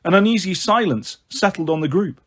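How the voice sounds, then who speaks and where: Husky man reading a storybook aloud. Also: sits high, lively intonation, brisk, fairly bright tone. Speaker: audiobook reader. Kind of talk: storybook narration with light character voices.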